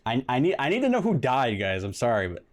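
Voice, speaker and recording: A male game streamer talks through a retro detective game in loose let's-play commentary. His voice swings up and down in pitch. He rambles, restarts his words, and breaks into sudden exclamations and self-mocking asides. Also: wildly swooping pitch, moderate pace.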